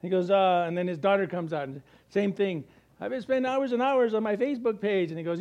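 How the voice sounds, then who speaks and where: A middle-aged man preaching a sermon, animated, with jokey asides and acted-out quotes. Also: sits high, fast, highs cut off. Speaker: pastor.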